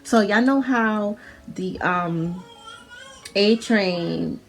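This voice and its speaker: A woman's voice: mid-range voice, drawn-out words, vocal fry. A young woman with a New York accent telling a personal story at home in a casual storytime vlog, chatty and profane, full of "like" and restarts. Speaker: vlogger. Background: faint music.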